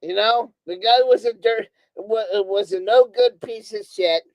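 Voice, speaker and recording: A woman's voice: medium pitch, measured pace, no echo, muffled recording. A woman streamer on a profane, angry monologue who hammers on the same words again and again. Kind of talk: ranting monologue. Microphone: streaming microphone.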